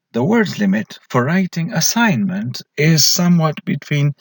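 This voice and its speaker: A man's voice: fairly high pitch, vocal fry, dry recording. A man giving a recorded slide lecture as an English lecturer, posing questions to students and then answering them himself.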